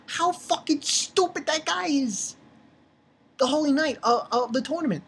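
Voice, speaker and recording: A woman's voice: sits high, expressive, a little slow, a little hiss or hum. A woman reviewing manga chapters in a casual, profane, exasperated rant. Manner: exasperated, profane, heated outbursts.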